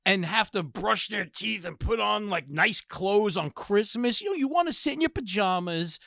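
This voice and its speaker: A man in his thirties, co-hosting a podcast, telling stories in a casual, joking way and breaking into loud impressions. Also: high voice, moderate pace, creaky, dry recording, clean studio sound. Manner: animated storyteller, bursts into shouted impressions. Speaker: podcast co-host. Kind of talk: casual comedic chat.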